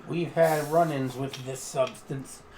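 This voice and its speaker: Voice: mid-range voice, steady tone, slow pace, warm tone, roomy sound, slight background noise, poor audio. A player taking part in a tabletop game, making casual, wry remarks.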